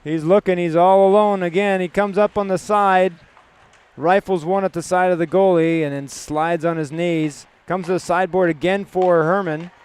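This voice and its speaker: A Canadian man calling youth hockey play-by-play in quick clipped phrases. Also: sits high, steady tone, a little mellow, clear, resonant tone, no echo. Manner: rapid clipped puck-by-puck calls. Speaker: play-by-play commentator.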